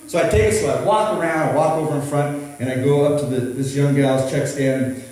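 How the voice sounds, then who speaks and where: A middle-aged man and pastor telling a story in a sermon, rambling and animated with many restarts. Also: medium pitch, fairly quick. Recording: echoey hall from far off.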